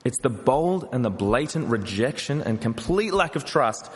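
A man's voice: mid-range voice, sing-song, moderate pace, big-room sound. A man preaching a sermon in an earnest manner, asking the listeners rhetorical questions.

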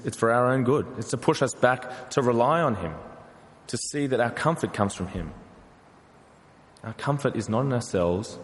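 A man's voice: lowish voice, big-room sound. A man preaching a sermon in an earnest manner, asking the listeners rhetorical questions.

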